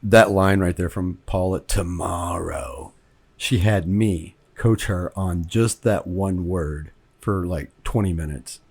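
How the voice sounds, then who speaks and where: A man's voice: deep voice, measured pace, hardly any pauses, a little mellow. A man from Kentucky, a film director, talking through his movie in a rambling, conversational commentary. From Kentucky, United States. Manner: rambling, conversational, repeats words as he thinks.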